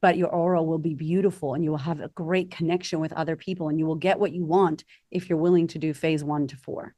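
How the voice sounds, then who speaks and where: A woman's voice: low voice, fairly even intonation, quick pace, warm tone, no room sound, clean studio sound. A woman confidence coach talking animatedly as a podcast guest, acting out quoted voices. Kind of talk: podcast interview.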